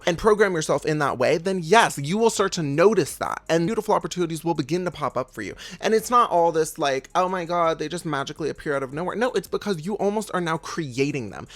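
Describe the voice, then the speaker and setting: Guy coaching manifestation, talks super fast, a bit high, blunt and sweary, keeps saying okay. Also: no room sound. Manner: emphatic and blunt, with frequent "okay?" tags and casual swearing; calls the listener "babes". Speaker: manifestation coach, channel host. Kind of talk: casual motivational talk to camera.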